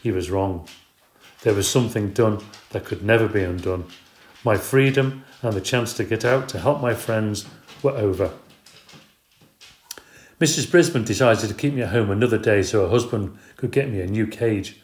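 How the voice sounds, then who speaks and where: A man reading a children's book aloud in a steady, expressive way. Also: fairly low pitch, moderate pace. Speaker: storyteller. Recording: roomy echo.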